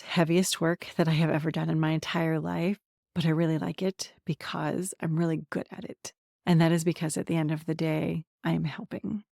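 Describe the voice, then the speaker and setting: A woman's voice: lowish voice, creaky, dry recording, clean studio sound. A woman in her forties from central Pennsylvania talking candidly and with self-deprecating humor in a podcast monologue. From central Pennsylvania, USA. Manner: warm, candid, self-deprecating, chatty lists. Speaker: podcast host and coach. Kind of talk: personal monologue to camera.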